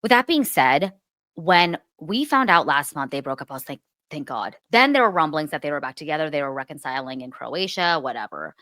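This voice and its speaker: Low-voiced woman gossiping on a podcast. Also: a little fast, no echo. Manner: animated, swears freely, breaks into laughs. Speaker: podcast co-host. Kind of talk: casual gossip chat.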